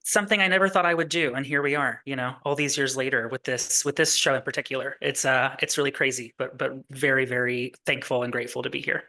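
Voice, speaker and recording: A man's voice: mid-range voice, fairly even intonation, fast talker, few pauses, sharp tone. A man from Kentucky, a guest in a casual interview, talking in a chatty, rambling way with many fillers and frequent laughs. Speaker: guest, musical writer.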